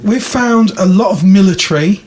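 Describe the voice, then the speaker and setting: A man's voice: high-pitched, moderate pace, darkish tone. A man co-hosting a podcast, telling jokey stories and laughing often. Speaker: podcast co-host. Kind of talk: casual chat.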